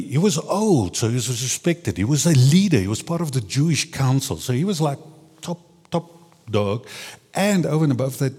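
A man's voice: medium pitch, a little mellow, breathy edge. A man preaching a sermon in a casual, searching way, often repeating words as he restarts. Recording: long reverb of a large hall.

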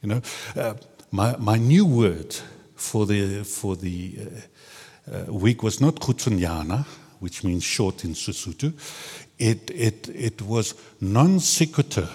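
A man's voice: lowish voice, lively intonation, slow pace, mellow, breathy edge. A man preaching a sermon in a casual, searching way, often repeating words as he restarts. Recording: long reverb of a large hall.

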